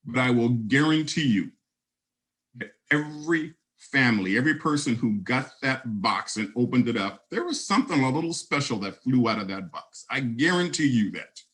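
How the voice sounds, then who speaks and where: A man's voice: medium pitch, animated, moderate pace, fairly bright tone, poor audio. A man in his fifties giving a conference keynote, telling stories and speaking straight to the audience.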